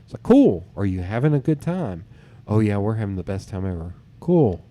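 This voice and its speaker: A man with a lowish, warm, mellow voice hosts a casual podcast chat. He tells his own dating stories in a loose, animated way and slips into other people's voices to quote them. His speech is relaxed and peppered with casual swearing. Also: quick pace. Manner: animated storyteller who acts out others' lines, swears casually. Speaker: podcast host.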